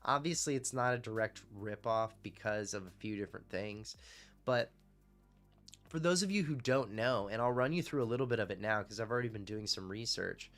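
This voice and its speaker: A man's voice: fairly low pitch, brisk, a bit bright, faint music behind. A man on a live stream chatting casually, loose and rambling, swearing freely and answering his chat as he goes.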